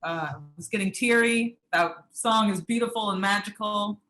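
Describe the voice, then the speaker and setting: A woman comedian as guest, answering briefly and deadpan. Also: medium pitch, moderate pace. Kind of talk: casual comedic chat.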